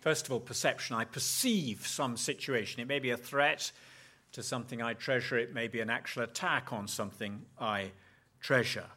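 A man's voice: mid-range voice, normal speed, sharp tone. A man speaking at a conference, teaching on Bible passages in a thoughtful way and often repeating words as he searches for his phrasing.

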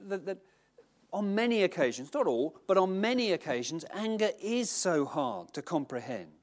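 A middle-aged man preaching a sermon in a conversational, self-mocking, animated way. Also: high-pitched, moderate pace. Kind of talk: sermon with Bible reading.

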